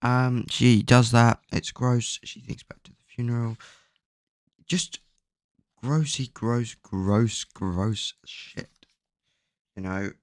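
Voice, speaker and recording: A man's voice: medium pitch, fairly even intonation, takes it slowly, long pauses, no room sound, clean studio sound. A man casually recapping a book's plot at home, rambling with lots of fillers and frequent swearing. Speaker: book plot summarizer. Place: at home, bedroom with a cat.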